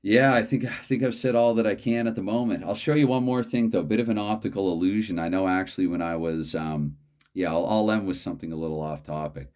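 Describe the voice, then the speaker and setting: A man hosting a solo tabletop hockey card game, calling the plays in a halting, dry play-by-play way. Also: low voice, darkish tone.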